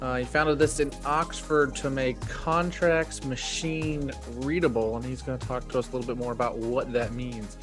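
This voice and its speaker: A man's voice: mid-range voice, normal speed, few pauses, music in the background. A man from the United States hosting a podcast interview, talking casually with frequent fillers and restarts. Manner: relaxed, filler-heavy delivery. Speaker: podcast host.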